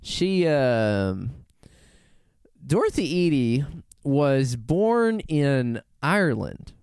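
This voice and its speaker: A podcast co-host with a mid-range voice speaks very slowly, casually telling a story in an animated, rambling way, laughing often and correcting himself along the way. His tone is clean, with no echo and studio-quality sound.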